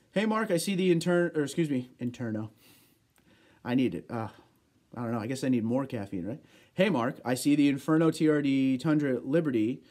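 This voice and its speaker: A man with a mid-range, darkish voice hosts a laid-back livestream, reading viewer comments aloud and answering them in a chatty, joking, easygoing manner.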